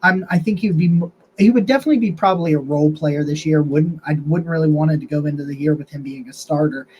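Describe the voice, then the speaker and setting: A man's voice: a little high, fast talker, muffled recording, slight background noise. A young man casually breaking down football draft picks on his own show, talking loosely with restarts and fillers, a touch hiccupy. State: has the hiccups. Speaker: sports podcast host. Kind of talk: casual sports analysis monologue.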